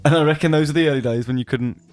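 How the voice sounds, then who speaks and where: A man's voice: a little high, very fast, a little mellow, no echo, soft background music. A man who is a filmmaker and podcast guest, bantering in a dry, self-deprecating way. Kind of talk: casual podcast chat.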